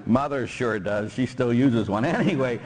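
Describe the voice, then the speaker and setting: A man's voice: mid-range voice, measured pace, a little mellow. A middle-aged man from Pittsburgh, a Catholic priest preaching a sermon and joking with his congregation.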